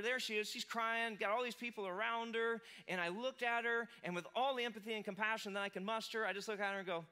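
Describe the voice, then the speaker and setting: Bright-voiced man in his forties preaching. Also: high voice, steady tone, fast, hardly any pauses, clear, resonant tone. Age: 40s. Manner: storytelling, conversational, self-deprecating. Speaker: pastor. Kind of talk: sermon.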